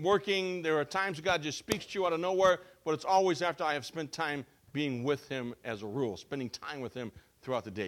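A man preaching a sermon as a pastor. He reads scripture and explains it with emphasis, going from loud to soft. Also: on the high side. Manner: emphatic, with wide swings between loud and soft.

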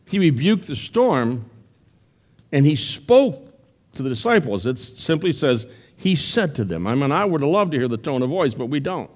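A male pastor preaching a sermon to his congregation in church, retelling a story with shifting pace and loudness. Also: mid-range voice, big pitch swings, normal speed.

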